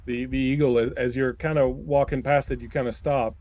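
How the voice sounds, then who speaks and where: A man's voice: mid-range voice, fairly even intonation, a little fast, a little mellow. A man narrating as game master in a tabletop game, rambling with many fillers. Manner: meandering, filler-heavy.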